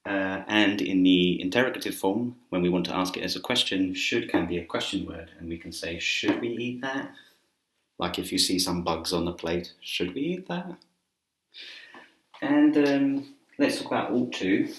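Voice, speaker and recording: A man teaching an English grammar lesson in a relaxed, chatty way with filler words, speaking to camera indoors. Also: deep voice, moderate pace. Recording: roomy echo.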